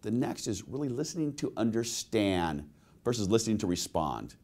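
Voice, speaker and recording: Animated male sales trainer. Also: on the low side, moderate pace. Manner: animated storytelling with rhetorical questions to listeners. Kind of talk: webinar sales presentation with personal anecdotes.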